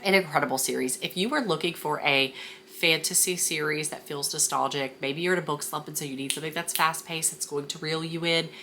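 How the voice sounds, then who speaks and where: A woman chats about books in a loose, rambling way, full of "like" and "um". Her voice sits a little low for a woman. She is in full gush as she reviews, talking straight to her viewers. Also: sharp tone, slight background noise. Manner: gushing, rambling, with many fillers. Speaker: book reviewer. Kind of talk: casual chatty book vlog.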